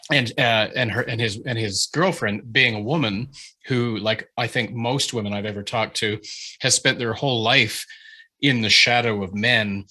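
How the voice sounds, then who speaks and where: Over a video call, a man leads a writing workshop, giving an animated, informal critique. He swears freely and often restarts his sentences, speaking at a moderate pace with a medium-pitched voice.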